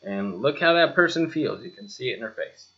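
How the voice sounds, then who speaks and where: Bright-voiced man giving a plain-spoken lesson. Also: mid-range voice, animated, brisk, slightly rough, dull audio. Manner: plain-spoken, addresses listener directly, rhetorical questions; mildly sarcastic asides. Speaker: teacher. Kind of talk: spoken lesson over slides.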